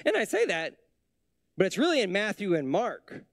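A man preaching a sermon as a pastor, in a conversational way with many rhetorical questions, dropping soft and low for tender lines. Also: huge pitch swings, normal speed, dry recording, studio quality.

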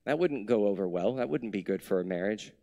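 A man preaching a sermon as a pastor, in a conversational way with many rhetorical questions, dropping soft and low for tender lines. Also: expressive, brisk, creaky, no room sound, studio quality.

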